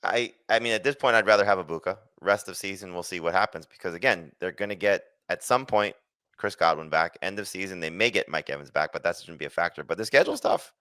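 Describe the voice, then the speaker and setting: A man on a fantasy football podcast, giving his quick analytical take in casual discussion. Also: low voice, sharp tone, smooth, no echo.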